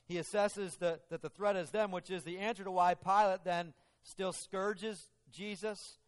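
A man preaching a sermon, telling the story in an animated way and acting out the quotes. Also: high voice, a little slow, big-room sound. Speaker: pastor.

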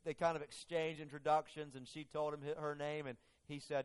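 A man preaching a sermon and telling a story, earnest and halting, often restarting his phrases. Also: fairly high pitch, flat delivery, clean tone.

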